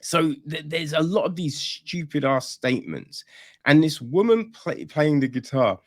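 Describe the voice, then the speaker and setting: Sarcastic, swearing man ranting slowly. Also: fairly high pitch, animated, no echo, studio quality. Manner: sarcastic, swears freely, mocks the film; rambling with restarts and "you know what I mean". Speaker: podcast film reviewer. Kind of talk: casual ranting film review.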